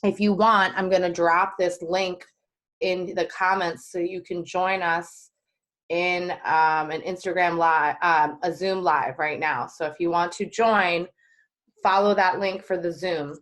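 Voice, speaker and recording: A woman from New York joins a video call as a guest. She speaks with a slight lisp and a lowish voice, and her talk is playful and chatty. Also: steady tone, a little slow, a bit bright. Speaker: guest performing artist. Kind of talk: casual livestream chat.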